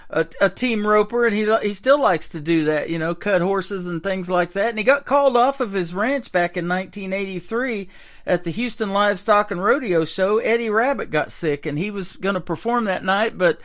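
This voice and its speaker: A man's voice: high voice, normal speed, fairly bright tone. A man hosting a country radio show, interviewing a guest in a folksy, easygoing way with plenty of filler words. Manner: folksy, with many "you know" and "uh" fillers.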